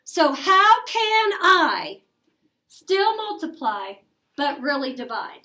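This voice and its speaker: Brief: middle-aged female teacher, high voice, brisk classroom delivery, quizzes the kids. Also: very animated, sharp tone. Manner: brisk, coaxing questions to the class. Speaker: elementary school teacher. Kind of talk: classroom math lesson.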